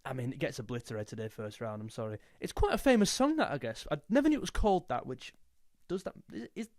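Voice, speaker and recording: A man's voice: mid-range voice, very animated, fast talker, a little mellow, dry recording, studio quality. A young man chatting casually and jokily, now and then singing a snatch of a song. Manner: jokey, snatches of sung lines. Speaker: music youtuber. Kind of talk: casual chat.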